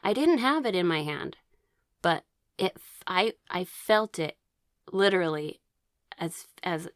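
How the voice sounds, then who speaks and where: Woman vlogger, lowish voice, dry close mic, rambling casual storytelling with lots of ums. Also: expressive, slow pace, dry recording. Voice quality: occasional throat clearing. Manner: chatty, rambling with many fillers and restarts; reads aloud from her own notes. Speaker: vlogger sharing personal experiences.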